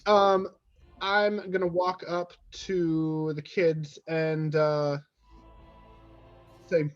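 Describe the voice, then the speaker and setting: A man at a tabletop game who talks haltingly, circling back and restarting his sentences. His voice sits in a middle register. The recording is dull and lo-fi, with faint music underneath. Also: on the high side, little pitch movement. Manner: hesitant, full of restarts. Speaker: player. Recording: dull lo-fi audio.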